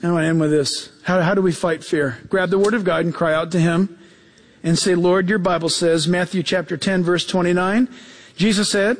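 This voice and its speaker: A man preaching a sermon as pastor, telling stories in an animated way and acting out the quotes, repeating key phrases for emphasis. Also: normal speed, big-room sound. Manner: animated storytelling, acts out quotes with jumps in pitch.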